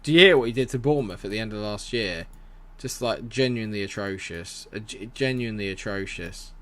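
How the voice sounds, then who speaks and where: A young man talks through a live game stream. His voice sits a bit low. He rambles cheerfully and breaks off to answer chat messages. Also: fairly quick, a bit bright. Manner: chatty, rambling, reads chat aloud and answers it. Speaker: gaming streamer. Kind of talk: casual live-stream commentary.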